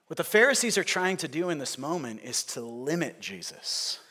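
A man's voice: on the high side, very animated, moderate pace, pushed and bright. A man preaching a sermon as a pastor, conversational and often checking in with his listeners. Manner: conversational, asks the audience questions.

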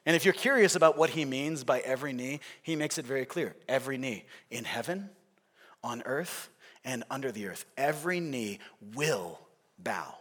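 A man's voice: mid-range voice, expressive, normal speed, a bit bright. A man preaching a sermon as a pastor, conversational and often checking in with his listeners. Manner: conversational, asks the audience questions.

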